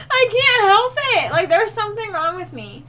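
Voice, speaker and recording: Brief: woman co-host, giggly and laid-back, high and lively. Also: normal speed, a loud crowd, rough recording. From Alabama. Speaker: podcast co-host. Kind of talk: casual comedic chat.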